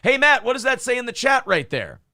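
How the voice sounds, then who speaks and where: A man hosting a casual talk show, ranting in a profane, animated way. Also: very high voice, fairly quick, no room sound, clean studio sound. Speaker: podcast host.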